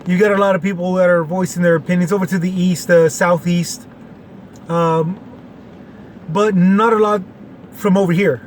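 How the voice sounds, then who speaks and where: A man close to fifty holds forth in a loose, rambling monologue, full of fillers and folksy asides. His voice sits fairly high for a man. Faint background noise hums under the recording. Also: fairly even intonation, normal speed, pauses often. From Texas. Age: 40s. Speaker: podcast host. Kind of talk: casual opinion monologue.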